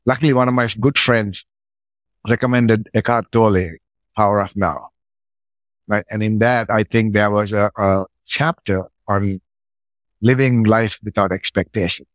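On a podcast, a middle-aged male guest relaxes into a personal story, acting out his own lines from past conversations. His voice runs on the low side, he speaks unhurriedly, and there's no echo.

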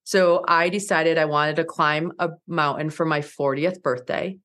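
Animated woman in her forties telling stories. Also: unhurried. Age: 40s. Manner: animated, acts out quotes with big pitch jumps; laughs often while telling stories. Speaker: guest, mountaineer and speaker. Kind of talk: casual interview storytelling.

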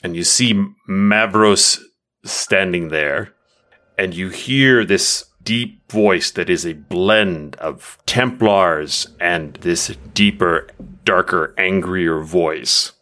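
A man's voice: deep voice, takes it slowly, sharp tone. A man narrating a tabletop game as game master, describing scenes with frequent restarts.

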